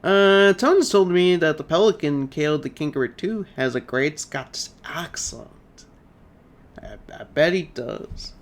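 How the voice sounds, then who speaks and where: A man's voice: a little high, expressive, moderate pace, few pauses. A young man streaming a game, chatting casually and rambling as he answers chat. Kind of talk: casual let's-play commentary.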